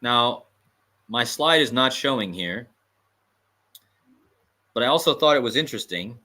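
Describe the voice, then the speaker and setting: Male livestream host, bright edgy tone, emphatic and repetitive, chuckling asides. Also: medium pitch, animated, unhurried. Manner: conspiratorial, emphatic, repeats points, chuckles. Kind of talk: livestream commentary.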